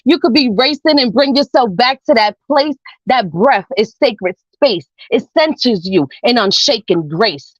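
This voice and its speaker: A woman's voice: a little high, animated, measured pace, hardly any pauses, no echo, highs cut off. A woman performing a spoken word poem over a video call, laughing between lines and swearing freely, then chatting casually. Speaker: open mic poet.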